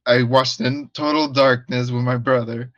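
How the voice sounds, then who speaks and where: A man's voice: mid-range voice, fairly even intonation, moderate pace, fairly bright tone, no room sound, dull audio. Laid-back male podcast co-host. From Guatemala. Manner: laid-back, laughs easily, repeats himself. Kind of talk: casual movie review chat.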